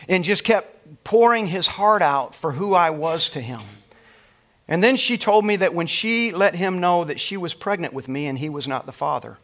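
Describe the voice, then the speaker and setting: A middle-aged male preacher with a somewhat high voice tells a personal story to his congregation. His delivery is emotional and storytelling, rising with feeling and then falling soft and hushed at the tender parts. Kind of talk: sermon storytelling.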